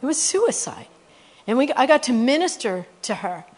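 A middle-aged woman preaching as a guest speaker, her voice sitting a little high. She tells stories with lively swings of pitch and bursts of loudness. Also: moderate pace. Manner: animated storytelling, rising to loud exclamations. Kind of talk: sermon testimony.

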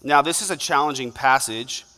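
A man's voice: medium pitch, normal speed, bright, forceful tone. A young man preaching a sermon as a pastor, in a conversational style with acted-out asides. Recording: long hall reverb.

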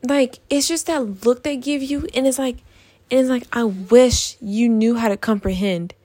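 A woman's voice: fairly high pitch, fairly even intonation, moderate pace, dark tone, no room sound. A young woman in a casual vlog, ranting in an exasperated, profane way about things that annoy her. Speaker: vlogger.

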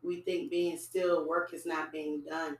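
A woman speaking reflectively in a casual conversation about faith, growing animated as she makes her points. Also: low-pitched, unhurried, noisy background. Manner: reflective, turns animated when making a point. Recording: echoey room, voice from a distance.

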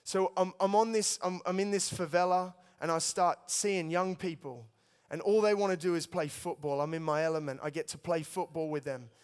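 Young male preacher, storytelling testimony, smooth and resonant, big reverberant hall. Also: fairly high pitch, fairly even intonation, normal speed. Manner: storytelling, earnest, addresses listeners as guys. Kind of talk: sermon testimony.

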